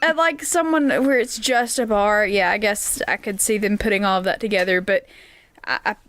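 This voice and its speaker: A woman's voice: mid-range voice, moderate pace, a bit bright. A young woman co-hosting a podcast in casual chat, full of ums and uhs. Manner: chatty, many ums and uhs. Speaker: podcast co-host.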